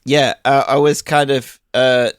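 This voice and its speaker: A man with a Yorkshire accent chatting casually as a podcast co-host, relaxed and loose-tongued. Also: medium pitch, a little slow, clear, resonant tone, dry recording, studio quality. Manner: laid-back, swears casually. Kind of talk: casual chat.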